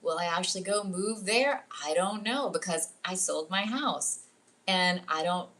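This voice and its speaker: Her voice is lowish, a bit bright and a little slow as this middle-aged spiritual coach chats on a livestream. Speaking from home at a jungle retreat, she leans on "like" and performs the voices of people she quotes.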